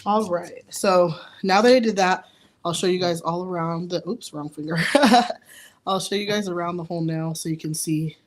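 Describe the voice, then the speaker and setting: A woman's voice: on the low side, steady tone, normal speed. A young woman nail artist giving a casual live tutorial, chatty and laughing at her own slips.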